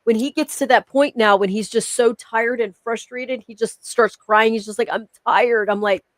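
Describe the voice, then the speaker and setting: A woman's voice: a little high, steady tone, normal speed, no echo. A woman co-hosting a podcast, telling a story in casual chat, rambling with many fillers and restarts. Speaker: podcast co-host.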